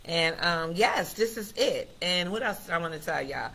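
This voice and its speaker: A woman hosting a casual live stream, chatty and excitable, talking straight to her viewers. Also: on the low side, normal speed, gravelly, breathy edge. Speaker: host of a live affirmation stream.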